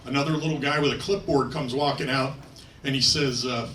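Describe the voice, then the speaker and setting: A man's voice: mid-range voice, fairly even intonation, brisk, fairly bright tone, slight background noise. A man from New York performing a stand-up set, telling a long story with many fillers and acted-out quotes. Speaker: stand-up comedian. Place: comedy stage before a laughing audience. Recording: roomy, distant live club recording.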